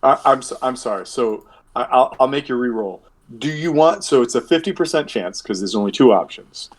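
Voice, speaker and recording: A man's voice: mid-range voice, lively intonation, fairly quick. A man running a tabletop game as game master, rambling with many fillers and restarts. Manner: rambling, filler-heavy, self-correcting.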